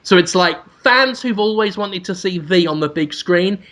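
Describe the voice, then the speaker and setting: A man's voice: high-pitched, animated, moderate pace, a bit bright. A man, co-hosting a comedy podcast and spinning a rambling, crude, absurd story. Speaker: podcast co-host.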